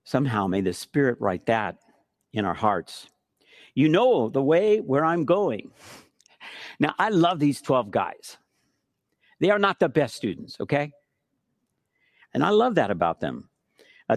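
A middle-aged man preaching a sermon, telling stories with emphatic repetition and shifting between hushed and forceful delivery. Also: medium pitch, measured pace, long pauses, dry recording, studio quality. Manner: storytelling preacher, emphatic repetitions, animated swings from soft to loud. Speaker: pastor.

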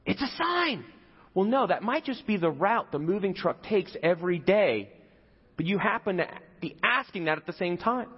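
A male pastor preaches in a lively, up-and-down voice, chatty and full of questions to the crowd. His voice sounds slightly husky, with a long hall echo. The audio is dull and lo-fi. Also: sits high, normal speed. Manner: conversational, asks the audience questions. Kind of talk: sermon.

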